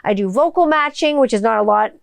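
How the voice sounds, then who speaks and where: A woman's voice: on the high side, animated, fast talker, creaky, dry recording. A woman hosting her own podcast in a casual, jokey and profane way. She works as a voiceover artist and talks about her kids. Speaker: podcast host. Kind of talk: casual solo podcast chat.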